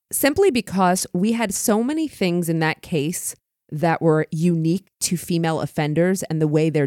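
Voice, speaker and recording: Woman co-host who teaches criminology, upbeat casual chat, slightly low pitch, dry studio sound. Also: a little mellow, no room sound. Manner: enthusiastic, grateful.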